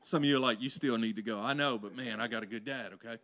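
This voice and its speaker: Man preaching with swings from loud to hushed. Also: medium pitch, quick pace. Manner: conversational, uses playful asides to the congregation. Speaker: pastor. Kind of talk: sermon. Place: church sanctuary before a congregation.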